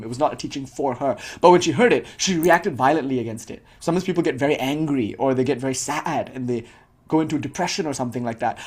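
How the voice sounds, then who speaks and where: A man leads a loose, conversational spiritual talk for his students. He talks quickly and his voice has a husky edge. He keeps dropping in "like" and laughs often. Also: mid-range voice, darkish tone. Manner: casual, heavy with filler "like", frequent laughter. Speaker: spiritual teacher. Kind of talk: informal dharma talk to students.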